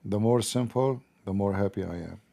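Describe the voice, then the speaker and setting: Gravelly, dark-voiced man chatting on stream. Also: on the low side, normal speed. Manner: rambling, joking, talks to viewers. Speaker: live stream host. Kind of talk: casual live-stream chat.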